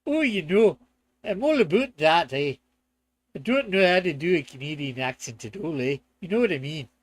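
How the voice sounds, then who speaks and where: A hammy, stereotyped Canadian guy who tacks "eh" onto everything, as a man puts him on. The voice sits high and loud, with a broad, exaggerated drawl. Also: animated, fast talker.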